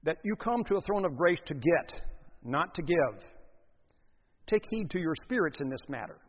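A man's voice: a little high, big pitch swings, moderate pace. Man, pastor, earnest emphatic sermon, dull lo-fi sound, church reverb. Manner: earnest preaching with emphatic rises. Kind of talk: expository sermon.

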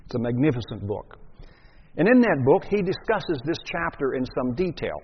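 A man delivering a sermon with a husky, slightly breathy voice and an emphatic teaching manner, full of rhetorical questions. The recording is dull and muffled, and his words ring out with a long hall reverb. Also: mid-range voice, very animated, normal speed. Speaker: preacher.

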